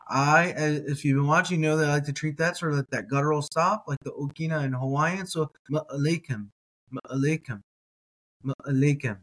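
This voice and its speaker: In a reading lesson, a Hebrew teacher with a slightly high, fairly bright voice sounds out each word syllable by syllable. He keeps hesitating with ums and uhs and correcting himself as he goes.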